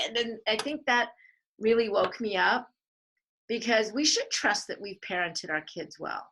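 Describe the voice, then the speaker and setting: A woman's voice: mid-range voice, normal speed, slightly rough, low-quality recording. A middle-aged woman, a filmmaker and mother, speaking earnestly as a guest in a conversational interview. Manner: earnest, animated when quoting others.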